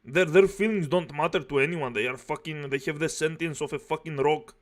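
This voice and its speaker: A man's voice: a little high, fairly quick. Scornful, foul-mouthed male reactor. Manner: harsh, scornful insults. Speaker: reaction streamer. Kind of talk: commentary.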